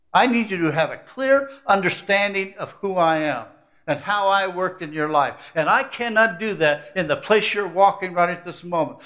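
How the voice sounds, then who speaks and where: A middle-aged pastor preaching a sermon, rising to loud climaxes and dropping to quiet, intimate asides. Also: male voice, sits high.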